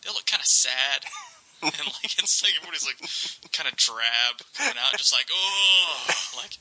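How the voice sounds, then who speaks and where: A man hosting a podcast in casual chat, telling stories with animated delivery, acting out the voices he quotes and laughing often. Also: medium pitch, fairly quick, breathy edge, poor audio. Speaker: podcast host.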